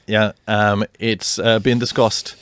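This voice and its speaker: A young man co-hosting a podcast, chatting in a rambling, animated way. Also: fairly low pitch, slow, clear, resonant tone, no room sound, studio quality. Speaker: podcast co-host. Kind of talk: casual chat.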